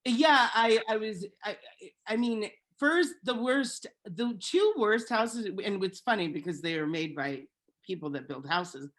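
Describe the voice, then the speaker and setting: A woman's voice: mid-range voice, lively intonation, unhurried, a bit bright. A woman co-hosting a podcast, chatting casually and animatedly about reality TV, often laughing and restarting her sentences. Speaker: podcast co-host. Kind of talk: casual chat recapping reality TV.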